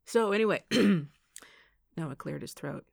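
A woman's voice: on the low side, expressive, slow pace, vocal fry, slightly rough, no room sound, clean studio sound, full character voice. A woman reading the part of a playful, teasing young man in an audiobook, speaking grandly and boisterously.

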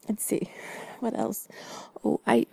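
A woman in a whispered role-play, talking softly and teasingly to the listener as her bed partner. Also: no echo. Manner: soft, teasing and playful, often whispering. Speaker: ASMR creator.

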